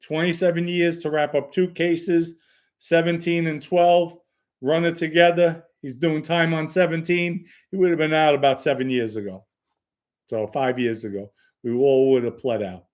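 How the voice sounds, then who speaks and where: A man's voice: on the high side, little pitch movement, moderate pace. A man hosting a live stream, answering viewer questions in a blunt, matter-of-fact way. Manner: blunt, matter-of-fact, reads chat comments aloud. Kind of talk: casual live-stream chat.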